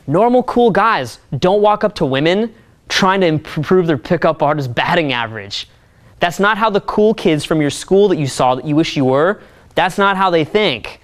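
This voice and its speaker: A man giving a seminar talk as a dating coach, blunt and profane. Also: high voice.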